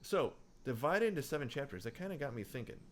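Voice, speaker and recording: A man's voice: medium pitch, very animated, quick pace. A man co-hosting a casual book podcast, rambling with many fillers and restarts. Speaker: podcast co-host. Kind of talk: casual book-club chat.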